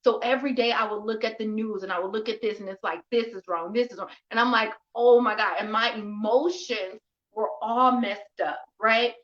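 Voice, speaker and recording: A woman's voice: fairly high pitch, steady tone, normal speed, a bit bright. A woman hosting a casual talk show chat, affirming her guest and often asking "right?". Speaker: host. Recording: dull, lo-fi sound.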